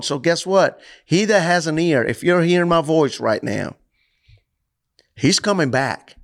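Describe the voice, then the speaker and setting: A man, a coach talking about faith in an animated, preachy storytelling way. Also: a little high, measured pace. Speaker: coach and church guest. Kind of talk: casual faith talk.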